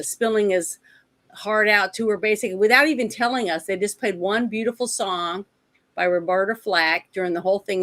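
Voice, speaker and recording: A woman's voice: mid-range voice, a bit bright. A woman co-hosting a casual movie review podcast, retelling scenes in a rambling way with lots of asides. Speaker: podcast co-host.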